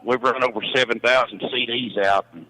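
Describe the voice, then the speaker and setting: A middle-aged truck driver calling in by phone, chatting easygoingly with lots of fillers. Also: male voice, mid-range voice, fairly even intonation, brisk, sharp tone. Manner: easygoing, rambling with many fillers. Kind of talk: casual phone chat. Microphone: telephone. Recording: phone line.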